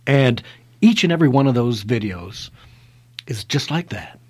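Husky, animated male radio host. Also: mid-range voice, normal speed. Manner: animated, restarts often, emphatic. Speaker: radio talk show host. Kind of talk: casual radio chat.

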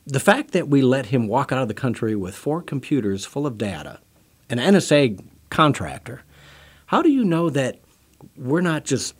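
Talk radio co-host, man, animated pitch, playful devil's advocate. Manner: provocative, playful, argumentative. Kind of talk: political talk radio discussion.

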